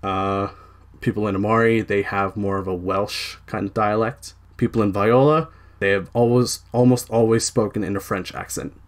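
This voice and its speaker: A man's voice: on the low side, steady tone, moderate pace. A young man from Canada, a podcast host, chatting casually about his novel and often correcting himself mid-sentence. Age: young adult. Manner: rambling, frequent self-corrections and fillers.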